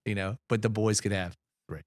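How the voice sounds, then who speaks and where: A middle-aged man co-hosting a podcast, talking in a rambling, halting way full of fillers. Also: lowish voice, fairly even intonation, no echo, studio quality. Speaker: podcast co-host. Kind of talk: casual podcast chat.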